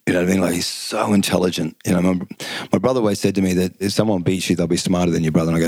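Deep-voiced man telling fight stories. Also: racing, hardly any pauses, no echo. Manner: animated storyteller, acts out quotes, laughs often. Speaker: guest, former kickboxing champion. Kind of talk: casual storytelling chat.

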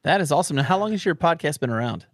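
Male podcast host, playful ribbing delivery, a bit high-pitched, dry close recording. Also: animated, racing, dry recording. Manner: joking, teasing, stammering restarts. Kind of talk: casual podcast chat.

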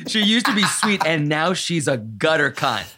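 A man's voice: a little high, very animated, moderate pace, noisy background. A man with an American accent hosting a podcast, joking crudely and laughing often in casual chat. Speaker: podcast host.

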